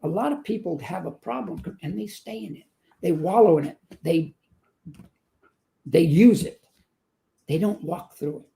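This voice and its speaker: Man in his 70s, gravelly, dark mellow tone, earnest interview guest. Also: sits high. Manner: earnest, slow emphatic phrasing. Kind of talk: faith testimony and joke telling.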